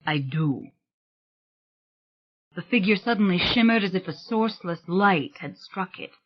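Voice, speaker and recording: An audiobook narrator giving a measured, scripted reading of a gothic thriller novel. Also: medium pitch, muffled recording.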